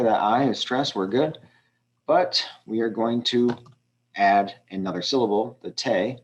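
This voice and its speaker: A man teaching a language lesson over a screen walkthrough, talking his students through exercises step by step in a relaxed way with frequent ums. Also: fairly low pitch. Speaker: Spanish teacher.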